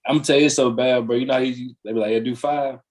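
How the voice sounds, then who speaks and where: A man co-hosting a podcast, chatting casually in an animated way and laughing often. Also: mid-range voice, quick pace. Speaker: podcast co-host. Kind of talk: casual chat.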